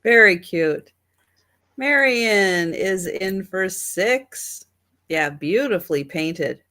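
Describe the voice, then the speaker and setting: A woman's voice: medium pitch, animated, extremely slow, bright, forceful tone, rough recording. A woman hosting a live online vintage sale, describing items and calling out bids. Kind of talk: live online sales auction.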